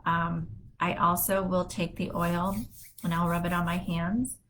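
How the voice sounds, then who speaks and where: Middle-aged woman, wellness host, easygoing rambling delivery, low-ish voice, home office. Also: measured pace, a little hiss or hum, poor audio. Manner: relaxed, rambling, many fillers. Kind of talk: casual solo talk.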